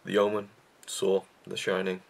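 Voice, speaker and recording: Speaking at a moderate pace in a creaky, low, monotone voice, a young YouTube reviewer talks through his favorite films in a casual vlog. He drifts around the topic, mocks himself a bit, and keeps restarting sentences with lots of fillers.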